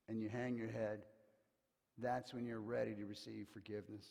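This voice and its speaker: A male pastor preaching a sermon. He tells stories with energy, acts out the quotes, and often drops to a hushed tone to stress a point. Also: medium pitch, normal speed, creaky, pauses often. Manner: lively storyteller who acts out quotes, often dropping to a hushed tone for emphasis. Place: church sanctuary. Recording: long hall reverb.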